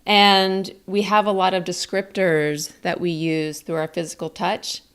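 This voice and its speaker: A woman teaching a communication lesson in a calm, clear, explaining way. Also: fairly low pitch. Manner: calm, explains slowly and clearly, demonstrates statements. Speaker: communication coach.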